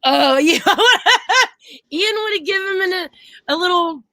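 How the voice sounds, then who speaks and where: Bright, high-voiced woman telling stories. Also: moderate pace, no room sound. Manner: animated storyteller, laughs often, acts out quotes. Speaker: co-host. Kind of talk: casual live-stream chat.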